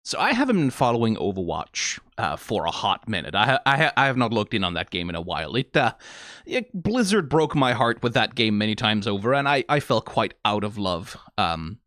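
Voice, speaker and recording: This is a young man from Denmark, chatting through a reaction video in a wry, meandering way. His pitch rises and falls a great deal as he talks. The sound is close and dry, with no room echo. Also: big pitch swings, a little fast, a bit bright. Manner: wry, rambling, with frequent self-restarts. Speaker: content creator. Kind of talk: casual reaction commentary.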